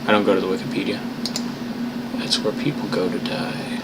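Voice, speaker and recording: A man casually chatting with viewers on a live stream, playful and chatty, who also reads a story aloud slowly. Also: fairly low pitch, fairly even intonation, heavy background noise.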